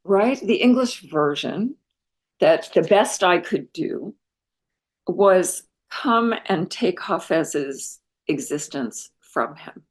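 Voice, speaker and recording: An older woman, a translator and guest, speaking reflectively in an interview and often pausing to search for words. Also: on the low side, lively intonation. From United States. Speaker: guest, translator of Persian poetry. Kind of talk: thoughtful interview conversation.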